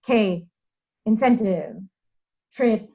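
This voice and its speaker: Uma mulher que lidera uma reunião de equipe de coaches, falando de forma descontraída e animada, rindo com frequência. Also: female voice, mid-range voice, expressive, takes it slowly, dark tone, breathy edge, poor audio. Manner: chatty and upbeat, laughs often. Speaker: team leader hosting a coaches' call. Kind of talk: casual team meeting talk.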